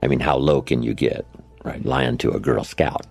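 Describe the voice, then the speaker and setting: An older man delivers a motivational talk in an extremely deep, gravelly voice with a husky edge. He tells stories conversationally and checks in with his listeners, while soft music plays faintly underneath. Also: a little fast. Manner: anecdotal, conversational, with tag questions. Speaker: motivational speaker. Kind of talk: storytelling speech. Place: lecture setting, played from an archive recording.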